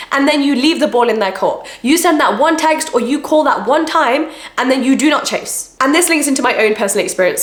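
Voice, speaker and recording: A young adult woman giving direct, earnest self-help advice in a vlog to camera. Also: a little high. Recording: roomy echo.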